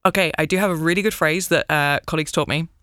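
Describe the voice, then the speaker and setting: A British woman, an English teacher, chatting as a guest in an interview, animated and self-mocking with a playful sense of humor. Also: low voice, fast, no room sound, studio quality. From Britain. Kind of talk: casual interview chat.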